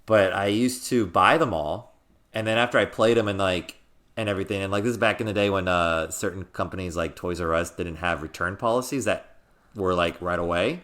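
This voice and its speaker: A man from Southern California co-hosting a podcast, telling rambling childhood stories with many restarts and loud excited quotes. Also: deep voice, a little fast. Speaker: podcast co-host. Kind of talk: casual podcast banter.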